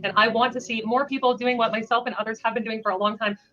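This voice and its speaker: A woman's voice: fairly high pitch, fairly even intonation, fast talker, bright, forceful tone. A woman speaking earnestly, in a preachy vlog style. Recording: dull lo-fi.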